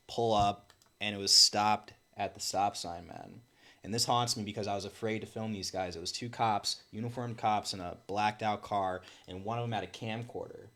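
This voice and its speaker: A man's voice: fairly low pitch, sharp tone. A man from Milwaukee, a guest in an interview, telling events in an earnest way with many fillers and restarts. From Milwaukee, Wisconsin. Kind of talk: casual interview talk.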